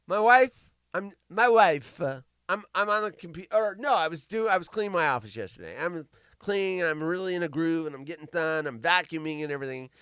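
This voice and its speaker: Lively high-voiced man, crude and animated. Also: fairly quick, smooth, no room sound, clean studio sound. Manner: crude, animated, self-mocking storytelling. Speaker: show host. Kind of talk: live comedic news chat.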